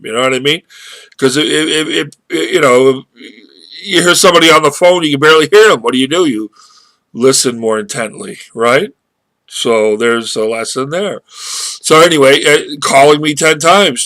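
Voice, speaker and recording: A man's voice: fairly high pitch, a bit bright, dry recording. A man talking casually into his webcam, rambling and restarting his sentences as he tells a story and draws a marketing lesson from it. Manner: rambling, halting with many restarts. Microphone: webcam microphone.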